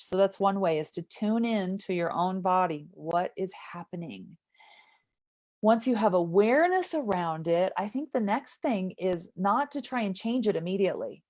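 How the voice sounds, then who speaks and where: A woman's voice: on the low side, darkish tone. A woman who works as a somatic trauma therapist, explaining earnestly as an interview guest and often checking in with "right?".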